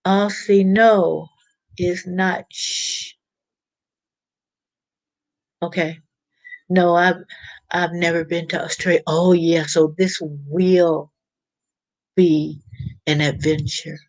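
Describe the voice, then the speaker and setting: A woman's voice: fairly low pitch, fairly even intonation, slow pace, long pauses, no room sound, poor audio. A woman hosting a casual live-stream chat, reading viewers' comments aloud and rambling along with plenty of fillers. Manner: chatty and rambling, with frequent fillers and restarts.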